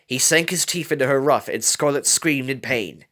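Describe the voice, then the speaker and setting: A man's voice: mid-range voice, moderate pace, sharp tone. A man reading a fan story aloud, telling it dramatically with small slips. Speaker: reader.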